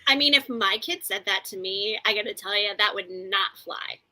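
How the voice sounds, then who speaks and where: Woman cohost on a recap podcast, super bright sound, lots of "um" and "you know". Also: medium pitch, normal speed. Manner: chatty, recaps scenes with fillers and asides. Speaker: podcast co-host. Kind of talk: casual TV recap chat.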